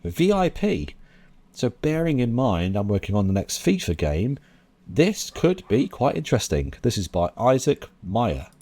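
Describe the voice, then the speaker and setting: A man hosting a show reviewing new drum and bass tracks, talking casually and bluntly with lots of fillers. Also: very animated, measured pace, warm tone. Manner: chatty and blunt, with frequent fillers and laughs. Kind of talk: casual commentary. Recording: music playing under the voice.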